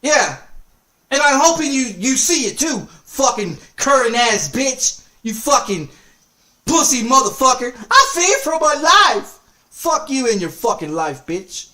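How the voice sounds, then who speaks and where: A man's voice: extremely high pitch, big pitch swings, unhurried, bright, forceful tone. A man streaming games, delivering an angry, profane rant full of repeated insults and threats. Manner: heated, repetitive cursing, threatening. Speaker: game streamer.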